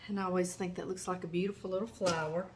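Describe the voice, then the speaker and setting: A woman's voice: lowish voice, fairly even intonation, fast talker. A woman with a Louisiana accent, hosting a home cooking show, chatting in a folksy way as she demonstrates knife work in her kitchen. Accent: Southern US, Louisiana. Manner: chatty, folksy, talks to the vegetables. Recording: chopping and kitchen noise behind.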